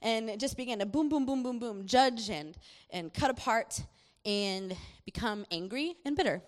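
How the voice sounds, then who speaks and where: Animated woman preaching in a reverberant hall. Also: a little high, moderate pace. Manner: chatty, animated, laughing often. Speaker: speaker sharing a testimony. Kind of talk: personal testimony sermon.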